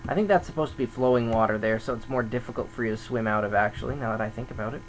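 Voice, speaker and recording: A server admin chats casually while gaming, grumbling and thinking aloud at rapid-fire speed in an ordinary middle pitch. The recording is low quality, with a faint electrical hum underneath.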